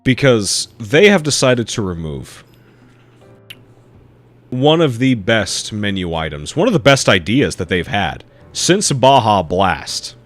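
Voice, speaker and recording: A man's voice: fairly low pitch, big pitch swings, takes it slowly, soft background music. A man co-hosting a podcast in casual comedic chat, speaking in a mock-solemn, profane way. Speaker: podcast co-host.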